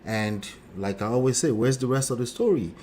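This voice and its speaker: A man's voice: mid-range voice, a little fast, darkish tone. Man, co-host, jovial and chatty, faint background noise. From Nigeria. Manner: jovial, frequent agreeing interjections. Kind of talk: casual livestream chat.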